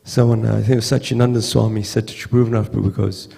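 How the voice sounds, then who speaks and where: Gravelly man telling a story in a hall. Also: lowish voice, level tone, mellow. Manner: halting, repeats words, acts out quoted voices. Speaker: speaker at a memorial gathering. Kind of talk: heartfelt storytelling tribute. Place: temple hall with long reverb.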